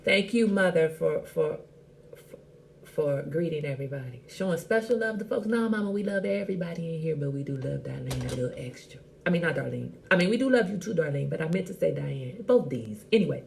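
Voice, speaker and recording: Sassy gravelly-voiced woman hosting a chat. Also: sits low, a little fast, a little hiss or hum. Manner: sassy, animated and blunt; greets viewers by name. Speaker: host. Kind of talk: casual live chat show.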